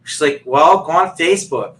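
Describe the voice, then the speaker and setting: A man's voice: a little high, moderate pace, a bit bright, rough recording. Rambling man telling a story. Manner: rambling, many fillers and restarts. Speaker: guest. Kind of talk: casual personal storytelling. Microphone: video call.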